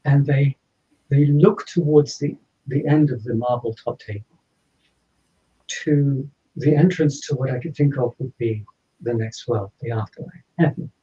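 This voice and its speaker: A man, a podcast guest, telling a personal story in an animated way and acting out the dialogue. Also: medium pitch, measured pace. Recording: slightly dull lo-fi audio.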